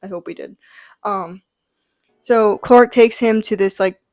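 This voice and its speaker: A woman's voice: medium pitch, measured pace, a little mellow, no room sound. A woman reviewing a comic book in casual chat, rambling with lots of fillers. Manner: rambling, full of "like" and "um".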